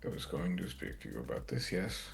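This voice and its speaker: A man playing a tabletop game, laying out plans in character in a deliberate way. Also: very deep voice, sing-song, vocal fry, soft background music. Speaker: player.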